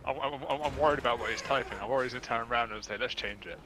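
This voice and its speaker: A young man chatting on a group voice call, quick and stammery, laughing between remarks. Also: medium pitch, noisy background. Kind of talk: casual chat.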